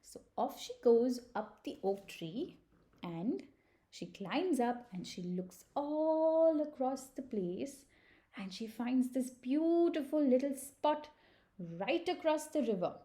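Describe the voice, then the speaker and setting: A woman telling a picture-book story to young children at a slow, gentle pace. Her voice is mellow and soft-edged. She sometimes restarts a sentence as she goes. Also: high voice, sing-song. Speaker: preschool storyteller.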